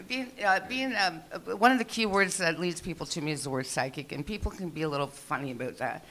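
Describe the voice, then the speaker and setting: With slight background noise, a low, fairly bright female voice comes at normal speed with frequent pauses. She's a middle-aged stand-up comedian rambling through an open-mic set on a small club stage, chatty and swearing as she acts out the people she quotes.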